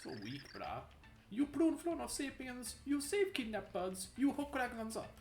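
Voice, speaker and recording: Lady putting on a dopey rock dude chief, broken grammar, goofy made-up accent, bouncy pitch, echoey room w/ game music. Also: wildly swooping pitch, moderate pace, darkish tone. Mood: laid-back. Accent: made-up accent, Italian with a country twang. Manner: broken caveman grammar, surfer slang. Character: dim-witted male rock-creature chief, laid-back surfer talk.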